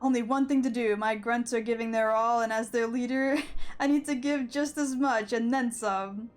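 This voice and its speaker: A woman voicing a proud, stubborn gang boss in a video game, reading his lines in close to her own high voice. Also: fairly even intonation, normal speed, faint music behind, natural voice. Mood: resolute.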